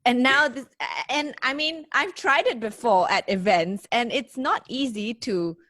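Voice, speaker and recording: A woman's voice: a little high, expressive, a little slow, a bit bright, no echo, clean studio sound. A woman hosting a morning radio show, asking a guest questions in a casual conversational way. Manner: short backchannels, conversational questions. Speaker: radio host.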